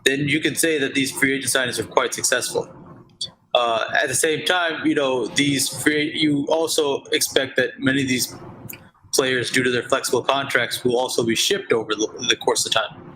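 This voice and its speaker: A man's voice: medium pitch, fairly even intonation, moderate pace, bright, forceful tone, slight background noise, rough recording. A man joining a casual discussion over a video call, reasoning things out and checking in with "right?" often. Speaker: video chat guest.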